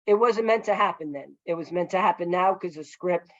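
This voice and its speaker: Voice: mid-range voice, a little fast, dry recording, dull audio. A filmmaker telling a long story over a video call, earnest and rambling, with many fillers and restarts. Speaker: filmmaker guest.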